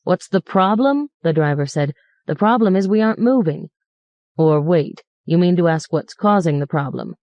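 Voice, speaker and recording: A woman's voice: low voice, moderate pace, no room sound, muffled recording, lightly acted. A woman voicing a sarcastic ranting cab driver. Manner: mocking, ranting, mock-polite. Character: sarcastic foul-mouthed male New York cab driver.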